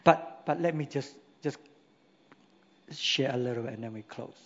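In a church hall, a pastor delivers an emphatic sermon packed with rhetorical questions, his mid-range voice fairly bright and measured in pace. The recording carries long hall reverb and sounds dull and lo-fi.

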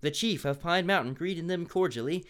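Playful male story reader with a fairly high, smooth voice. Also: normal speed, a bit bright. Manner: playful, laughing at the text. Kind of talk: reading a story aloud with joking asides.

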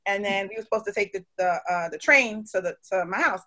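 A woman in her forties hosting a talk show, telling a personal story in a casual, animated way, laughing often and acting out quotes. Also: mid-range voice, fast talker.

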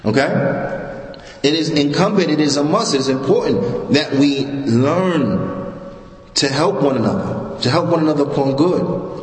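Man giving a conversational lecture in an echoey hall. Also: fairly high pitch. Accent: New York. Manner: conversational and repetitive, asks the audience questions. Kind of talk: religious lecture. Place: mosque hall. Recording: echoey hall with long reverb.

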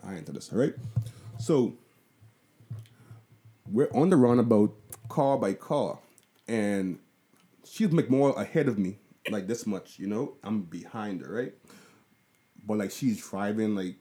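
A man's voice: lowish voice, takes it slowly, long pauses, mellow. A young Bahamian man with a Bahamian accent, telling a story in a casual, profane, rambling way, full of asides. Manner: profane, loose and conversational, with lots of asides. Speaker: vlogger.

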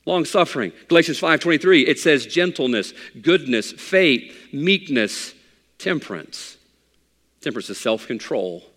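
High-voiced man preaching in a hall. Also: lively intonation, unhurried, a bit bright. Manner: conversational preaching with folksy humor. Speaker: pastor. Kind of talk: sermon.

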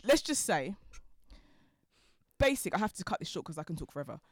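Fast-talking woman. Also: lowish voice, husky, no echo, studio quality. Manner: fast-talking, lively, laughs as she tells stories. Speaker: guest, designer. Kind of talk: animated storytelling in conversation.

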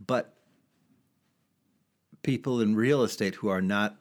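A man's voice: lowish voice, takes it slowly. A man co-hosting a real estate podcast, talking thoughtfully and casually, often restarting his sentences. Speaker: podcast co-host. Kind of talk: casual chat.

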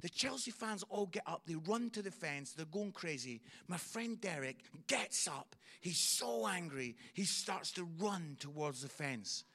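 A Scottish man works a stand-up crowd in a chatty storytelling style. His voice sits high and bright, and it swings up and down a lot as he tells the story and keeps the audience involved. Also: expressive, a little slow, hardly any pauses. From Scotland. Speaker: stand-up comedian. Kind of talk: stand-up comedy routine.

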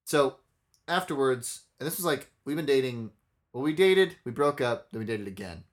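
A man's voice: medium pitch, moderate pace. A young man co-hosting a casual podcast, telling a story bluntly with lots of swearing. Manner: profane, blunt, animated storytelling. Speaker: podcast co-host.

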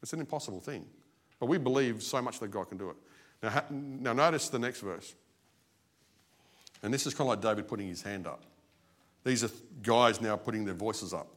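A man preaching an evening service sermon, animated, his voice swinging between loud and soft. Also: fairly low pitch, brisk, long pauses. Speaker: lay preacher. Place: church.

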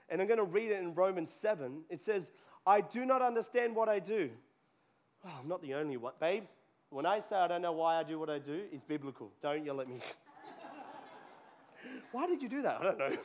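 A man preaching a sermon to a congregation in a church, talking conversationally and joking with people in the room. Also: high voice. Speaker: pastor. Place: church hall before a congregation.

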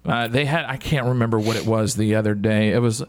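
A man's voice: fairly low pitch, brisk. A man in his thirties hosting a casual radio talk show, joking and swearing freely.

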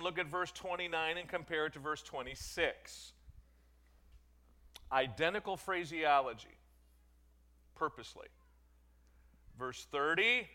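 A man's voice: mid-range voice, bright, forceful tone. A man leading a Bible study, reading scripture aloud and breaking off to explain it with casual, self-correcting asides. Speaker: Bible teacher.

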